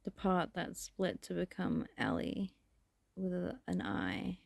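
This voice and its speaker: A woman's voice: lowish voice, very animated, takes it slowly, creaky, no room sound, studio quality. A woman talking to camera in a rambling, self-reflective vlog monologue, laughing often. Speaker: vlogger.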